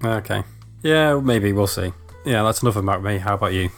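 Dry, laid-back male co-host, lower voice, soft music bed. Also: lively intonation, fairly quick. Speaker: podcast co-host. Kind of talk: casual chat.

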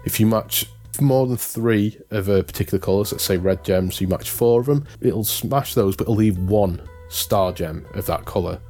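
A man's voice: on the low side, normal speed, few pauses, dark tone, soft background music. Chatty man rambling about games. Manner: rambling, self-correcting, amused. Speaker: podcast co-host. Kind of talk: casual chat.

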